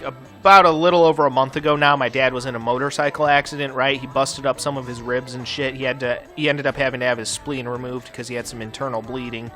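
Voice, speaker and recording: A man's voice: medium pitch, pushed and bright. A man hosting a gaming channel, telling a story in a profane, ranting way while playing. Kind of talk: casual chat while playing a game.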